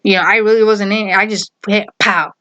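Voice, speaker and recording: A young adult woman vlogs a personal story in a blunt, casual, animated way, performing the voices of the other people involved. She speaks at a medium pitch and a fairly quick pace.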